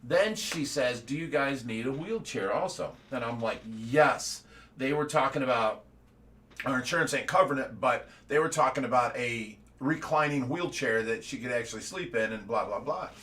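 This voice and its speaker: A man's voice: mid-range voice, normal speed, fairly bright tone. A middle-aged man from the United States giving a casual livestream update, rambling and repeating words, with laughs between his stories. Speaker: fish rescue owner giving an update.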